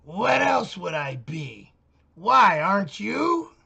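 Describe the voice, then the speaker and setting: A man voicing a hostile young woman neighbor who yells back at him from a distance, her voice shrill and loud. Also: sing-song, slow pace, vocal fry, slightly rough, full character voice. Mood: indignant.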